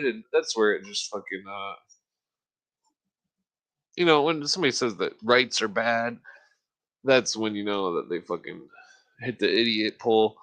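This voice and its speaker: An American man talks alone into a podcast microphone in a loose, rambling rant. His voice sits at an ordinary middle pitch, and his speech is thick with swearing. He stops often to clear his throat. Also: moderate pace, pushed and bright. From United States. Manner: profane, ranting, frequent throat clearing. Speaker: podcast host. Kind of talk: casual rambling monologue.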